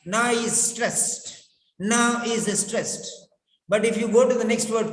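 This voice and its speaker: A man teaching English pronunciation in a classroom lecture, deliberately repeating words over and over so listeners can drill them. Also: high voice, a bit bright. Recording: echoey room with long reverb.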